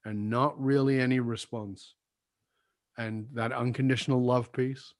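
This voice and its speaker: A man's voice: fairly even intonation, measured pace. Older man telling an earnest, confessional story. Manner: earnest, confessional, drops soft and low when recalling apologies. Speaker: guest. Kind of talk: reflective personal storytelling.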